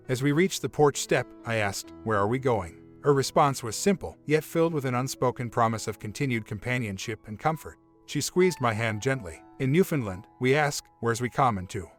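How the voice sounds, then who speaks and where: A man calmly narrating a first-person relationship story in an even, scripted reading. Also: mid-range voice, fairly quick, few pauses. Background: faint music.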